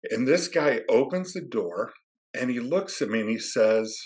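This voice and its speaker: A man's voice: medium pitch, lively intonation, normal speed. A man, an athletic administrator, telling a story in a dry, understated way as a podcast guest.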